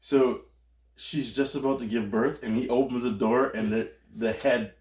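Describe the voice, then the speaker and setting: A man's voice: medium pitch, steady tone, moderate pace, a little mellow. A young man co-hosting a podcast, giving laid-back, dry replies in a casual chat. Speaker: podcast co-host. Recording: roomy room echo.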